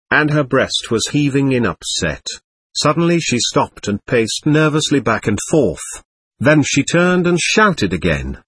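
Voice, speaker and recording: A man reading a first-person memoir aloud in a plain, measured storytelling manner. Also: mid-range voice, big pitch swings, fairly bright tone, husky, dry recording.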